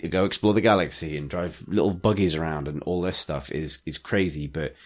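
Low-voiced man chatting casually. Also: fairly quick. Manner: rambling, enthusiastic, many fillers. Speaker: podcast co-host. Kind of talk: casual chat.

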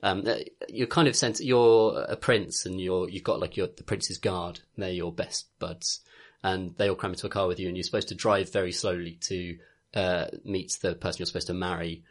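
Man, husky, low-pitched, rambling chat, laughing. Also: fairly even intonation, normal speed. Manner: rambling, laughing, lots of fillers and restarts. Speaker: podcast co-host. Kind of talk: casual chat.

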